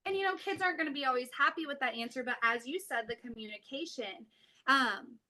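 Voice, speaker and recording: A woman in her thirties, a mother and podcast guest, telling stories in a casual chat, animated and chuckling as she talks. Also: high voice, fairly quick. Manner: animated storyteller, chuckles mid-sentence.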